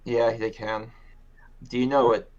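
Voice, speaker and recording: A man's voice: medium pitch, level tone, a little slow, muffled recording. A man playing a tabletop game as a player, talking hesitantly.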